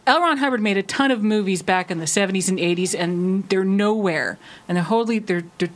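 A woman's voice: medium pitch, brisk. A woman chatting eagerly on a podcast. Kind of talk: casual podcast chat.

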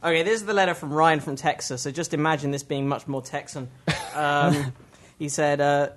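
A British man on a comedy podcast, dry and deadpan in his quips. His voice is bright and a touch high. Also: normal speed. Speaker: guest comedian. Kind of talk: casual comedic banter.

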